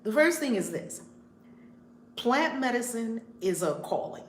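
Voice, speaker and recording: A woman's voice: a little high, very animated, measured pace, slight background noise. A woman reverend hosting a casual live-stream storytime from her home, greeting viewers by name as she talks. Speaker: reverend and channel host. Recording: roomy home room with faint ambience.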